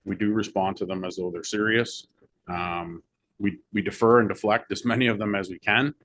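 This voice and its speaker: A man speaking as fire chief at a council meeting, explaining things in a measured way with frequent fillers. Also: lowish voice, fairly even intonation, a bit bright, slight background noise.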